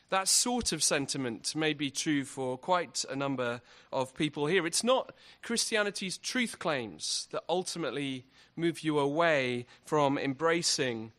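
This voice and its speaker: Earnest man giving a talk, slightly high. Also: sharp tone. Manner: earnest, rhetorical questions. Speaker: guest speaker. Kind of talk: evangelistic talk. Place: university event hall.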